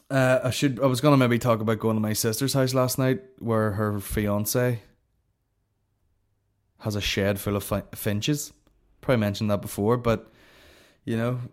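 A Northern Irish man hosting a comedy podcast, ranting casually in a profane, rambling way and swearing constantly. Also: on the low side.

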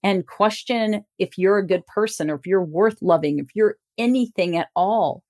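A woman's voice: mid-range voice, moderate pace, darkish tone. Woman relationship coach hosting a solo podcast: frank and self-disclosing, loose casual delivery, swears easily.

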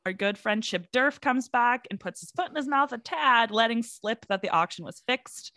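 A woman's voice: fairly high pitch, expressive, moderate pace, bright, forceful tone, dry recording, studio quality. Chatty woman podcaster, laughs often. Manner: chatty, laughs often, acts out quoted lines. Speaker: podcast co-host. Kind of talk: casual podcast chat recapping a TV episode.

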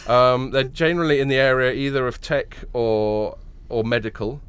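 A man's voice: medium pitch, steady tone, moderate pace, fairly bright tone, clear, resonant tone. Man, podcast host, nasal, tired, rambling casual chat, jokey, restarts a lot. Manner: rambling, joking, many fillers and restarts. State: tired after a late night.

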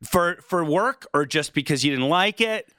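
Man in his forties, interview host, bright edgy tone, curious questions, dry close sound. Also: on the high side, lively intonation, moderate pace, no room sound. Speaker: podcast host. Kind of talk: casual interview chat.

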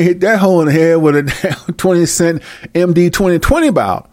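A man's voice: a little high, brisk, darkish tone, no echo. A man ranting comedically to his viewers, profane and slangy, breaking into laughter often. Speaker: commentator. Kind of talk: comedic rant to camera.

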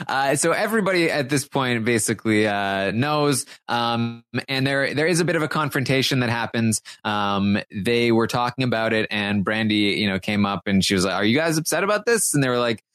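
A man's voice: medium pitch, normal speed, few pauses, fairly bright tone, clean tone, no room sound. A man co-hosting a podcast, casually recapping a reality show with lots of fillers and quoted voices. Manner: laid-back, many fillers, mimics quotes. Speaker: podcast co-host.

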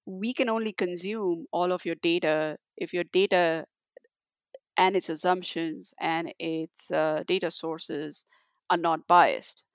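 A woman speaks as an interview guest, thoughtful and halting, often restarting her sentences. Her voice is clear and smooth. The recording is dry and close. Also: on the low side, fairly even intonation, no echo. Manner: halting, many restarts and fillers. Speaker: guest, tech leader. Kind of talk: conversational interview answer.

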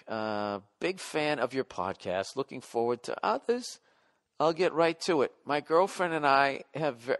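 Reading out listener letters on his podcast, a middle-aged man responds in a blunt, profane, rambling style. He speaks at medium pitch with a fairly bright tone.

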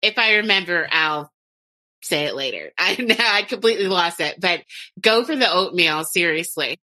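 A woman's voice: lowish voice, animated, normal speed, pushed and bright. A woman co-hosting a podcast, giving practical nutrition advice in a chatty, casual way.

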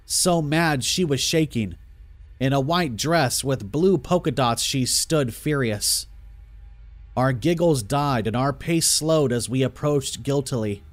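A man giving scripted narration of a horror story in a steady, even storytelling manner. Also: medium pitch, takes it slowly. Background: faint music.

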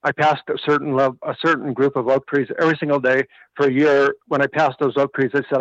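A man's voice: medium pitch, flat delivery, fast, fairly bright tone, dry recording. A man telling a personal story as a radio guest, earnest and moved, on dull lo-fi radio audio.

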